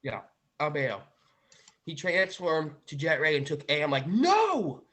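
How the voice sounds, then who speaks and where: A man's voice: fairly high pitch, moderate pace, bright, forceful tone. A man hosting a podcast, casually and animatedly retelling a dream to his viewers and often saying "literally" and "guys". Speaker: podcast host.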